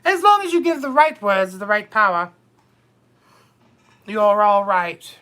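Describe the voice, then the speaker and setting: A man's voice: high-pitched, sing-song, unhurried, bright, forceful tone, full character voice. A man playing a bawdy, gossipy older duchess on a comedic live stream, theatrically calling viewers darling and my dears.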